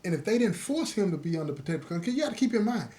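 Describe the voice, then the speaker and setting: A man with a fairly high voice tells a story from his own life in a loose, conversational way. He talks straight to his listeners and keeps checking that they follow him. He brings the other people in his story to life as he goes. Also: very animated, very fast, dark tone. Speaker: host telling his own prison stories. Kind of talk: casual spoken storytelling.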